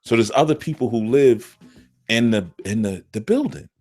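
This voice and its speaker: A middle-aged man, a spiritual teacher, talking casually and telling stories, often jumping high into quoted voices. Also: moderate pace. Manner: animated, jumps into quoted voices with big pitch swings. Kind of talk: casual storytelling talk.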